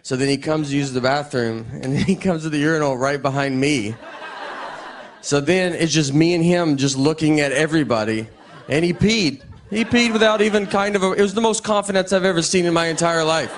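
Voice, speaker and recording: A man doing a stand-up set, telling stories in a deadpan, rambling way and often restarting his sentences. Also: on the high side, fairly quick. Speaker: stand-up comedian. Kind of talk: stand-up set before a laughing audience.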